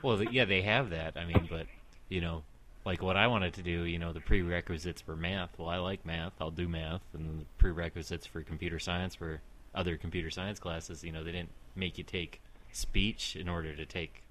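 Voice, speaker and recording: A man's voice: deep voice, fairly even intonation, normal speed, a bit bright. A man in casual chat with friends, chatty and explaining things at length.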